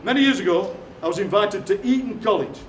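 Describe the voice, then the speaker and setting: A chatty Yorkshire performance poet with a Barnsley accent and a high voice tells comic stories on a theatre stage before a live audience. He's quick and animated, tossing jokey asides to the crowd, and the recording is roomy, distant, echoey and noisy.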